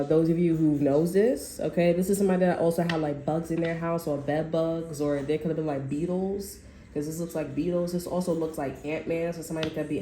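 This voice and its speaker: A deep, mellow-voiced woman reads tarot casually to camera. Expect blunt, profane talk sprinkled with fillers, recorded in a room with noticeable echo and faint background noise.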